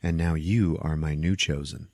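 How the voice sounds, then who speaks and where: Man doing a slow, cool ancient mummy queen. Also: rumbling low, steady tone, darkish tone, dry recording, clean studio sound, pitched below the performer's own voice. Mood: coolly menacing. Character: cold, seductive ancient female mummy.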